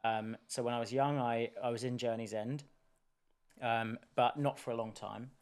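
A man's voice: medium pitch, fairly even intonation, moderate pace, clean tone. Hesitant man playing a tabletop game. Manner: hesitant, rambling. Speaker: player.

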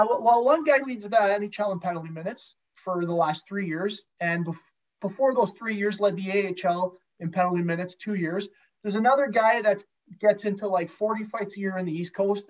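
A former pro hockey goalie telling a long, profane story as a guest in a casual chat, with lots of restarts. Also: male voice, high voice, a little fast. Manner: profane, rambling anecdotes with many restarts. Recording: dull lo-fi sound.

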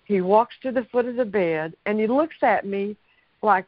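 A woman giving personal testimony in an interview, halting and hesitant, repeating her words. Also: mid-range voice, no room sound. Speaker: interview guest. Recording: dry, dull lo-fi sound.

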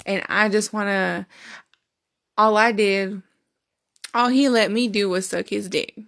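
A woman's voice: mid-range voice, steady tone, unhurried, vocal fry, fairly bright tone. A young woman hosting a podcast, telling dating stories in a candid, profane, laughing manner. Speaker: podcast host. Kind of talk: casual storytelling monologue.

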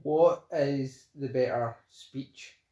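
A man's voice: medium pitch, extremely slow, dark tone, muffled recording. A Scottish man co-hosting a podcast, joking and playful. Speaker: podcast co-host. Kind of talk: casual chat. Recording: echoey room.

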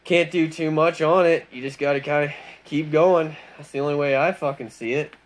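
A man's voice: fairly high pitch, moderate pace. A man ranting in a rambling monologue, swearing constantly and mocking people with heavy sarcasm. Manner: rambling, animated storytelling. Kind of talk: profane monologue rant.

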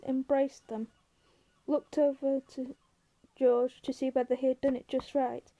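A woman reading a novel aloud as narrator, steady and even, with the odd small slip. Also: high voice, poor audio. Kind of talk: audiobook reading.

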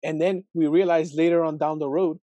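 Mellow-voiced man musing on scripture. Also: on the high side, fairly even intonation, brisk, no echo, muffled recording. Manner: thinking aloud, many fillers and rhetorical questions. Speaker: video host reflecting on scripture. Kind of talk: casual Bible reflection video.

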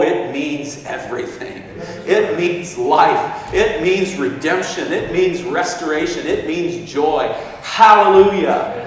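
A man's voice: fairly high pitch, a little hiss or hum. A man preaching a sermon in a church with a fervent, exclaiming delivery, heard from far off in an echoey hall.

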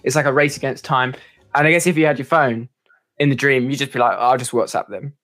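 A man's voice: mid-range voice, steady tone, fast, a bit bright. Guy guest on a podcast, rambly and hesitant, lots of ums. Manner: rambling, hesitant, many fillers. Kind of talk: casual chat.

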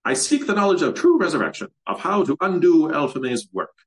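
A man's voice: a little high, wildly swooping pitch, brisk, pitched above the performer's own voice. A proud archmage, played by a man reading an audiobook fantasy, raised a little above the reader's own voice. He answers curtly and scornfully, full of defiance. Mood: insistent.

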